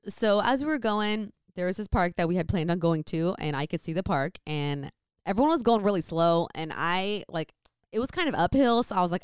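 A young woman tells a story in easygoing, chatty talk. Her voice sits low and smooth. The recording is dry and close, with no room sound. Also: expressive, fairly quick, no room sound. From San Francisco Bay Area, California. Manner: chatty, lots of "like". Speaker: vlogger. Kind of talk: casual storytime chat.

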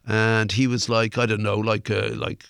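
A man's voice: on the low side, little pitch movement, normal speed, gravelly, a bit bright, smooth, dry recording, studio quality. An older Irish man, a musician guest, telling a long anecdote in a rambling way, full of fillers and the odd swear word. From Ireland. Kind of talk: anecdotal interview storytelling.

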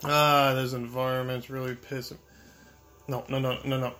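A man's voice: medium pitch, little pitch movement, normal speed, pushed and bright. Frustrated young man swearing at a game. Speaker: gamer. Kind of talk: gameplay commentary.

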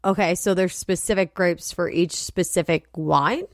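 A woman co-hosting a casual chat, teasing and playful, quick to laugh. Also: fairly low pitch, no room sound, clean studio sound. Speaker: co-host.

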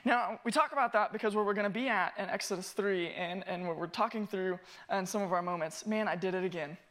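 A man preaching as a family pastor. He tells lively stories, pokes fun at himself and acts out the scenes he describes. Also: sits high, fairly quick. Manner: animated, self-mocking, acts out scenes. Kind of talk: sermon with personal storytelling.

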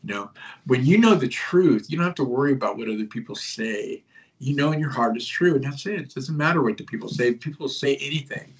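A man's voice: mid-range voice, animated, brisk. Rambling man on dull lo-fi audio. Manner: rambling, filler-heavy, conspiratorial. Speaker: guest, host of his own show. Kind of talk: casual interview storytelling.

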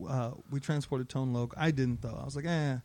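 A man co-hosting a podcast, telling stories in a profane, laughing, animated way. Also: medium pitch, brisk. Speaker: podcast co-host. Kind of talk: casual storytelling.

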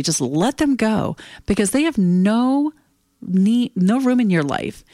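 A woman's voice: medium pitch, very animated, slow, mellow, no room sound, studio quality. A woman in her fifties hosting her own show, talking candidly and bluntly in a casual solo monologue, swearing freely and getting emotional. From United States. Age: 50s. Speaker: podcast host.

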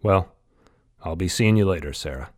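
A man doing a gruff, winded heavyset sailor. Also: low voice, moderate pace, no room sound, clean studio sound, lightly acted. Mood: grumbling. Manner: gruff, huffing, grumbling. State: out of breath.

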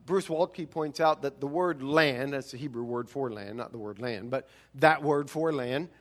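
Man, preacher, sermon, high voice, bright tone, emphatic, rhetorical questions. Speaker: pastor.

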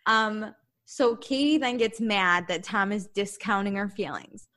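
A woman co-hosting a casual chat, recapping a reality show and acting out the cast's lines. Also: medium pitch. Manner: animated, acts out quotes in quick bursts. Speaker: recap podcast co-host.

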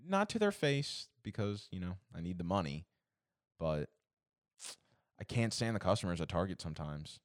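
A young man with a deep, low voice rants through a casual podcast chat, exasperated and swearing freely. The sound is dry and close, with no room around it. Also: sing-song, moderate pace, no room sound. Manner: profane, exasperated ranting. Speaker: podcast co-host.

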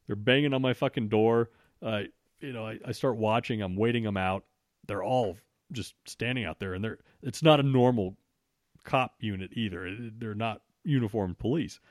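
A man's voice: on the low side, normal speed, no echo. Brief: man, profane storyteller, lots of restarts, dry close mic. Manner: swears freely, frequent restarts, animated retelling.

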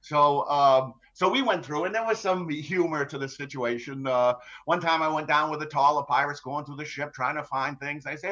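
A man's voice: a little high, normal speed, few pauses, a bit bright. Matter-of-fact middle-aged man, dull sound. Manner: matter-of-fact, dry humor, many fillers and restarts. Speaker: ship captain recounting a hostage ordeal. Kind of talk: conversational storytelling interview.

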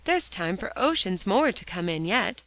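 A woman's voice: mid-range voice, sing-song, moderate pace, a bit bright, dry recording, poor audio. Woman doing a teasing young girl, curious, conspiratorial, dry sound. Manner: whispering, teasing.

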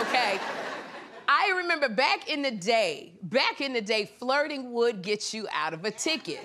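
Woman host, high voice, animated comic monologue, live studio audience and noise behind. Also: normal speed, a crowd in the background. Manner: animated, laughing, jumps into high-pitched impressions. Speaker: talk show host. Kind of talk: comedic monologue on headlines.

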